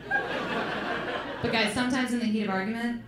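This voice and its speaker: A woman's voice: fairly high pitch, steady tone, measured pace, heavy background noise. A woman performing a chatty stand-up comedy set on a club stage, swearing and throwing in um fillers. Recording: echoey club with crowd laughter. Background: laughing audience.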